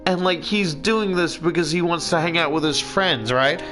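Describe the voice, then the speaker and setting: A man's voice: fairly high pitch, moderate pace, over music. An Australian man casually retelling a book's story, indignant and swearing, with lots of fillers. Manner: indignant, swears a lot, many "like"s. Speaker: YouTuber retelling a book.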